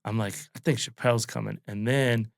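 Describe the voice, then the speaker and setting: A man's voice: on the low side, steady tone, a little fast, creaky. A man in his late thirties, a comedian from Wyoming, telling a loose, profane anecdote in a casual podcast chat. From Wyoming, USA. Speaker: guest comedian. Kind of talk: casual storytelling.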